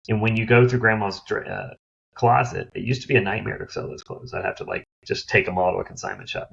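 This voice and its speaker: A middle-aged man, a guest on an interview, telling lively stories and acting out other people's voices. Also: fairly low pitch, gravelly, breathy edge. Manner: animated storyteller who acts out others' voices. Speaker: guest, downsizing expert. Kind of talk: interview storytelling. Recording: slightly dull lo-fi sound.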